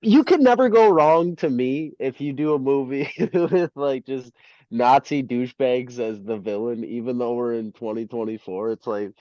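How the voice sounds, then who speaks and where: A man co-hosting a casual podcast, talking in a relaxed, easygoing way and laughing often. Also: medium pitch, normal speed, no room sound, dull audio. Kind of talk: casual chat.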